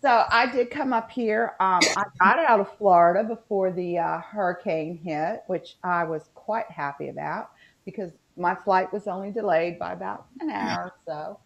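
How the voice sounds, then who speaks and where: A woman with a Southern Appalachian accent talks in a loose, rambling way, full of fillers. Her voice sits a little low. The video call audio is dull and lo-fi. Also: normal speed, vocal fry. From West Virginia. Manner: rambling, chatty, many fillers. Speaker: podcast co-host. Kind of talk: casual chat.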